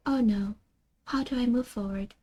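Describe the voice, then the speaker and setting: A woman's voice: a little high, moderate pace, dark tone, a little hiss or hum. A woman streaming a game, chatting casually with her viewers in a playfully dramatic way, sometimes dropping into a half-whisper. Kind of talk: casual live-stream chat while gaming.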